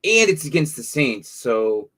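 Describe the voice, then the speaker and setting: A man's voice: medium pitch, very animated, a little slow, fairly bright tone. A man hosting a casual live stream, reading viewer questions and thinking aloud with plenty of fillers and repeated words. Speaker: livestream host answering fantasy football questions.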